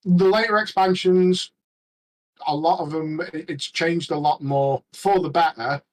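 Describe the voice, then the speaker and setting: A man chatting casually as a regular on a podcast, rambling and halting with many restarts. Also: a little high, fairly even intonation, low-quality recording. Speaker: regular panelist.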